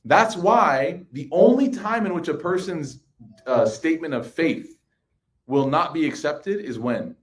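Male preacher, 30s, casual animated storyteller, echoey hall. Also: a little high, measured pace. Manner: conversational, animated storytelling with audience asides. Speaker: religious speaker. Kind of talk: sermon with personal anecdotes. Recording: echoey room.

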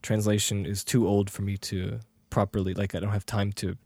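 A man's voice: fairly low pitch, level tone, moderate pace, darkish tone, breathy edge, dry recording, clean studio sound. A man co-hosting a casual podcast, rambling and self-deprecating, with his voice often trailing off. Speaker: podcast co-host.

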